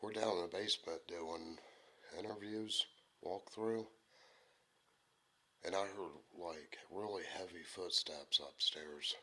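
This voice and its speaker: A man doing a paranormal investigation walkthrough, out of breath and talking bluntly and excitedly inside an old church building. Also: low voice, slow, pauses often. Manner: excited, blunt, swears casually. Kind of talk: ghost-hunting walkthrough.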